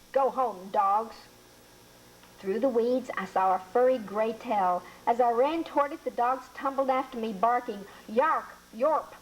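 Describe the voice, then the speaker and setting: Slow, higher-voiced woman reading a storybook. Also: a little hiss or hum, low-quality recording. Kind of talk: reading a children's book aloud.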